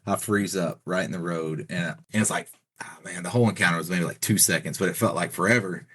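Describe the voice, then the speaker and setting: A middle-aged man speaks in a very low, deep voice. He tells a long personal story in a loose, rambling way, with lots of "you know" and "like." He sounds like an easygoing podcast guest. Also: fast talker, fairly bright tone, breathy edge. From Texas. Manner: rambling, filler-heavy retelling with many "you know" and "like". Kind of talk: casual storytelling.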